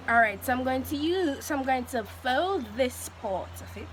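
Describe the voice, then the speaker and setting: A woman's voice: high voice, animated, moderate pace, few pauses, slight background noise, poor audio. A young woman, chatting playfully and joking through a hair tutorial. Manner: playful, jokey, laughs often. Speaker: vlogger. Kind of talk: casual hair tutorial chat.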